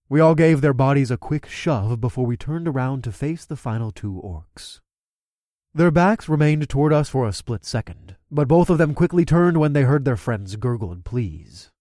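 A man's voice: mid-range voice, dark tone, dry recording, studio quality. A man giving wry, first-person audiobook narration.

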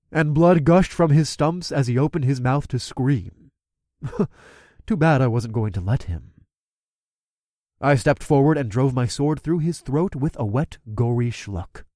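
A man's voice: medium pitch, expressive, unhurried, darkish tone, dry recording, studio quality. A man giving wry, first-person audiobook narration.

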